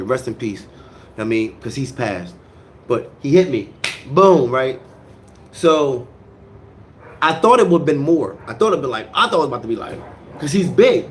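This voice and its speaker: A man telling a street story in casual, slangy talk, swinging from low mutters to loud outbursts and repeating words as he goes. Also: lively intonation, moderate pace, a little hiss or hum.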